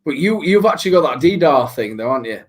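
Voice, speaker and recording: A man's voice: a little high, lively intonation, quick pace. Friendly middle-aged Doncaster man. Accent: South Yorkshire, Doncaster. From Doncaster, England. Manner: friendly, reminiscing, talkative. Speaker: guest. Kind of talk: casual chat.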